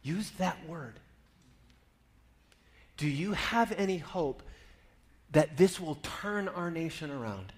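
A middle-aged male pastor delivering a sermon, his pitch sitting a little above the usual for a man. He drops to a hushed, reflective telling, then climbs into loud, emphatic preaching with a very lively pitch. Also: slow pace, pauses often, slightly rough. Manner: swings between hushed storytelling and rising emphatic preaching.

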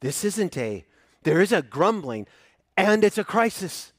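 A man preaching a sermon, animated, acting out the voices of the people in his story with loud bursts. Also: sits high, measured pace, no echo, clean studio sound. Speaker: pastor.

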